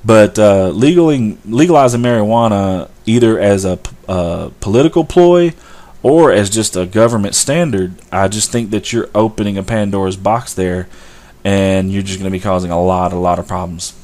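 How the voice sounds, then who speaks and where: A man's voice: fairly low pitch, normal speed, darkish tone. A man hosting a talk show, ranting in an opinionated monologue with sarcastic asides. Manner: ranting, sarcastic, mocks stoners in a drawl. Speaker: show host.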